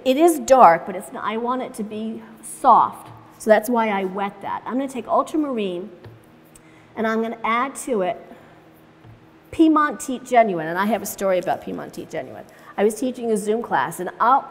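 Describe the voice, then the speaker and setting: A woman with an expressive, mid-range voice leads a live watercolor demonstration at normal speed, talking through each step as she paints. She laughs easily while telling stories, and the large room gives a long reverb.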